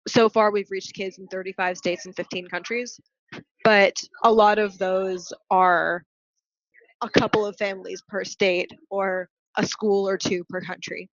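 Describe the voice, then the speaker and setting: A young woman speaks earnestly and fluently as a podcast guest, explaining her plans in long, well-formed sentences. Her voice has a middling pitch. The audio is dry and slightly muffled. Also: flat delivery, unhurried, dry recording. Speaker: nonprofit founder and guest. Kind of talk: podcast interview answer.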